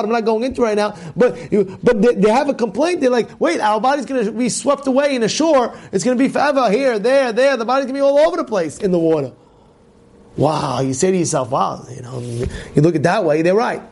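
Gravelly high-voiced rabbi preaching animatedly. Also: male voice. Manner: animated storytelling, acts out complaining voices in loud high shouts; repetitive, rhetorical questions to the listeners. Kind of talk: sermon on the weekly Torah portion.

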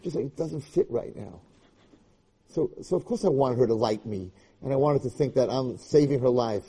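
In a Torah lecture, a rabbi with a very dark, mellow, husky-edged mid-range voice teaches with passion and emphasis. He often repeats himself and restarts sentences to drive each point home.

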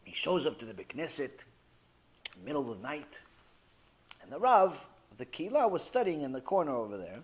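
Man, rabbi type, high voice, animated lecture storyteller. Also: moderate pace, long pauses. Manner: animated storyteller, acting out characters, swings from loud to hushed. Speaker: rabbi teaching a class. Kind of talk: sermon.

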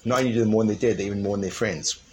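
Male teacher, casual, emphatic with hushed asides, frequent restarts, faint noise behind. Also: lowish voice, very fast. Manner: animated, swings from loud emphatic to hushed. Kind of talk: informal Torah class.

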